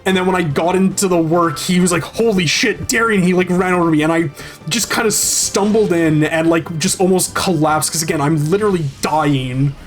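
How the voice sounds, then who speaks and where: Streamer, male, somewhat high-pitched, rambling and cursing through a story over faint game music. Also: steady tone, fairly quick. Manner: rambling and profane, many restarts and fillers. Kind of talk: casual storytelling over gameplay.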